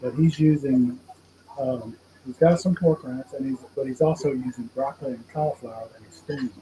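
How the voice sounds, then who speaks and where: A man's voice: mid-range voice, normal speed, dark tone. An older man hosting a casual home cooking video, folksy and joking as he talks to the viewers. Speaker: host. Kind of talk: casual chat addressing viewers. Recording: dull lo-fi sound with faint noise.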